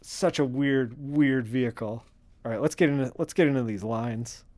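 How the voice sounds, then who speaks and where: A male streamer chats casually while he colors comic art. He rambles with plenty of fillers and climbs quickly into excited outbursts. His pitch sits in the middle range. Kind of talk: casual livestream chat.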